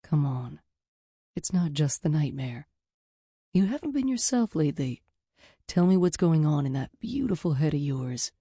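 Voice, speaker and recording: In this audiobook, a blunt, profane man voiced by a woman narrator speaks with a low, dark tone. The read is dry and close to the mic, and his manner stays rough and protective. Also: very animated, normal speed, long pauses, no echo, heavily acted. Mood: coaxing. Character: rough, protective adult man who swears freely. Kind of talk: audiobook character voice.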